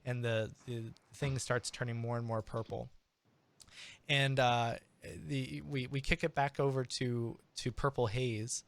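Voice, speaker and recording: A man narrating a tabletop game as game master, animated and full of restarts. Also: medium pitch, unhurried, dry recording. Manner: animated, many restarts and fillers.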